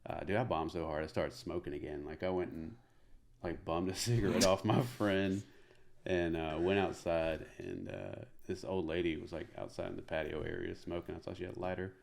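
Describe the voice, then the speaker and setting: A man from Middle Tennessee, a comedian guest telling an animated story full of fillers. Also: low-pitched, moderate pace, gravelly. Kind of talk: casual storytelling.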